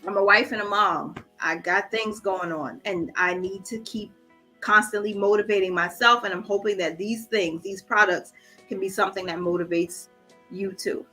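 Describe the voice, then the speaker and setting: Female budgeting host on a casual livestream, bright tone, emotional, holding back tears, faint music underneath. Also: medium pitch, steady tone, normal speed. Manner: warm, encouraging, reads viewer comments aloud. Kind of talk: casual livestream chat with viewers.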